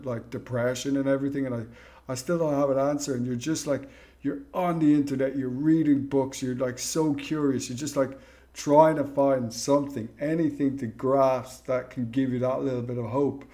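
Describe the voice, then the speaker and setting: A man's voice: mid-range voice, steady tone, normal speed, warm tone. A man hosting a podcast, talking in a frank, casual way with plenty of swearing. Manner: frank and profane. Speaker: podcast host. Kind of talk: casual conversation.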